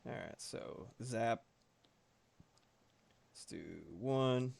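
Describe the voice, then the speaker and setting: A young man chats casually on a livestream while drawing, rambling and swearing with lots of fillers in an animated way. His mid-range voice is gravelly yet smooth, and he talks very slowly.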